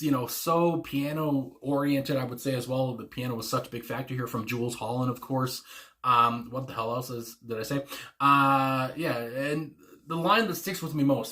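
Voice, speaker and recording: A man's voice: medium pitch, pushed and bright. A man hosting a music reaction channel, talking casually and enthusiastically about his favourite songs, rambling with many fillers and small laughs.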